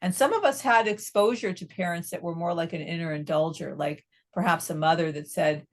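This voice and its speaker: A middle-aged woman, a psychotherapist being interviewed, explaining in a measured way and often checking in with "right?". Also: lowish voice. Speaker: psychotherapist guest.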